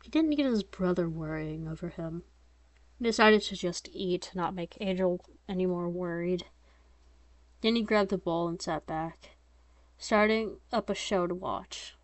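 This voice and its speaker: Reading her own story aloud, a woman keeps a plain, steady tone, though she occasionally slips into chatty asides that poke fun at herself. Her voice is lowish and a little slow, captured in a dry recording.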